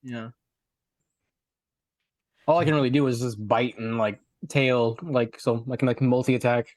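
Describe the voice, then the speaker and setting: A man's voice: mid-range voice, steady tone, measured pace, darkish tone, no room sound. A man playing a tabletop game, thinking aloud hesitantly with lots of "like" and "you know". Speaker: player. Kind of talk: casual tabletop game talk.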